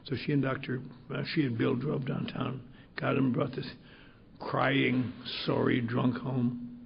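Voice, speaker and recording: A man's voice: mid-range voice, flat delivery, a little slow, gravelly, highs cut off, a little hiss or hum. An older man speaking at a recovery convention, telling a story bluntly with salty humor. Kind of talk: storytelling talk. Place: convention hall.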